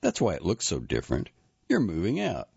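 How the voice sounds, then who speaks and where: A man's voice: sits low, wildly swooping pitch, a little fast, creaky, a little mellow, husky, no room sound, lo-fi sound, voice pushed up, exaggerated voice. A man reading an audiobook, voicing a grown son who sounds incredulous and accusing toward his mother.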